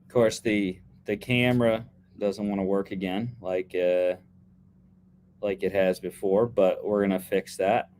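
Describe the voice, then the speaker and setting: A man's voice: on the low side, little pitch movement, unhurried, darkish tone, a little hiss or hum. A young man co-hosting a casual sports podcast, chatting through his football picks with lots of fillers and restarts.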